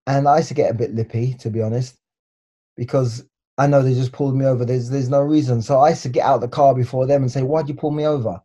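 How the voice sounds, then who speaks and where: An English man in his forties talks as an interview guest, his voice warm and mellow. He stumbles and repeats words as he searches for them. His anecdotes pick up life as he acts them out. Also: medium pitch, fast. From England. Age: 40s. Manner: hesitant, repeats words, lively storytelling. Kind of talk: casual interview chat.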